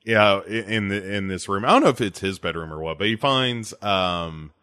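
A man's voice: low voice, lively intonation, normal speed, pushed and bright, smooth. A man co-hosting a podcast, recapping a show in casual, joking chat. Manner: joking, laughs often, trails off. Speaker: podcast co-host.

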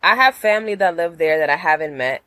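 A woman answering questions in a loose, friendly conversation. Her voice sits fairly low yet moves expressively, and she hedges with fillers while speaking easily. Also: animated, fast talker, a bit bright, dry recording, rough recording. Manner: easygoing, laughs readily, hedging fillers. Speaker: guest. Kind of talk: casual podcast chat.

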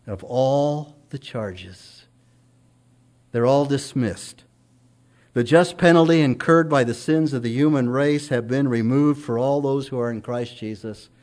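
A middle-aged man preaching a sermon in an earnest, emphatic way, his voice rising and falling strongly. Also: medium pitch.

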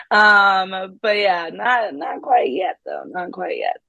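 A young woman talks casually about her acting work, upbeat and quick to laugh, her speech full of "like" and "um". Her pitch sits in the middle range. The recording is dry and close. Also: wildly swooping pitch, creaky, bright, forceful tone, no echo, muffled recording. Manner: upbeat, laughs often, many fillers like "like". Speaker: guest actress. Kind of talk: casual interview chat.

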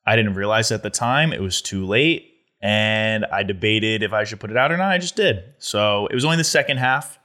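A man's voice: on the low side, animated, fairly quick, sharp tone. A man hosting a casual podcast, trading teasing, self-mocking banter with his co-host.

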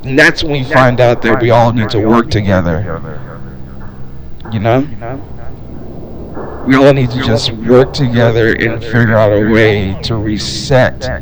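A man's voice: medium pitch, unhurried, long pauses, crowd noise. A young man hosting a solo podcast, ranting in a rambling way with lots of swearing and fillers. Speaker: podcast host.

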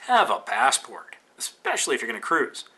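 A man's voice: mid-range voice, huge pitch swings, brisk, pushed and bright, husky. A Canadian man with a Canadian accent hosting a podcast, talking in a rambling, casual way with lots of fillers and restarts. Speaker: podcast host.

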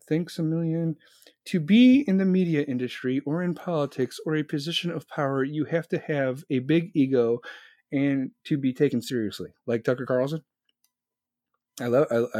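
A man's voice: mid-range voice, a little mellow, no room sound, clean studio sound. A man live streaming, answering his chat in a blunt, profane, rambling rant. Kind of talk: casual political rant.

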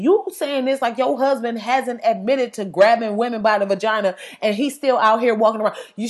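A woman ranting in blunt, sassy, profanity-filled casual talk, with sudden loud outbursts. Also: fairly high pitch.

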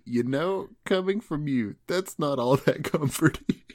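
A man's voice: fairly high pitch, expressive. A man co-hosting a casual chat, laughing through nearly every sentence as he retells an anime episode and acts out the characters' lines. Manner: acts out characters' lines in quick quoted voices. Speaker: podcast co-host.

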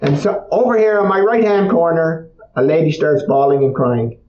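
Guy giving a talk, chatty storyteller, kinda high voice, echoey muffled room sound. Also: normal speed. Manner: conversational, repeats points, checks in with "okay?". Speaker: speaker on emotional healing.

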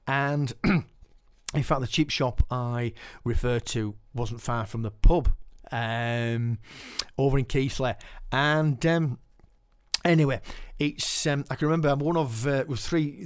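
A man hosting a podcast, reading his poetry aloud with unhurried, halting asides between poems. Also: medium pitch, smooth, no room sound, studio quality. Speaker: poet and podcast host.

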